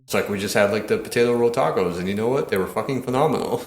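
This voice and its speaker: A man's voice: lowish voice, racing, gravelly, a little mellow, echoey room. A man hosting a podcast, casually and animatedly retelling comedy film scenes, laughing often and swearing. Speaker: podcast host.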